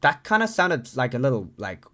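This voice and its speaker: A man's voice: medium pitch, big pitch swings, moderate pace, bright, forceful tone. A young Irish man telling a story to camera in a rambling, profane, self-mocking way. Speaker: vlogger.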